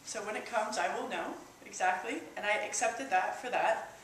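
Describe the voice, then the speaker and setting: Woman giving a halting, emotional testimony. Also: mid-range voice, a bit bright. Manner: halting and emotional, with frequent restarts and fillers. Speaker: church member sharing a personal testimony. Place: church hall. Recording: echoey hall, distant mic, faint hiss.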